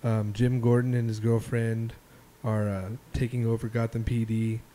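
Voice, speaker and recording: A man hosts a casual podcast, retelling stories in a loose, profane ramble. His voice sits in a middle pitch with a mellow, relaxed tone. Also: moderate pace, a little hiss or hum. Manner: loose, profane storytelling with filler ums. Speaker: podcast host. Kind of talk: casual chat.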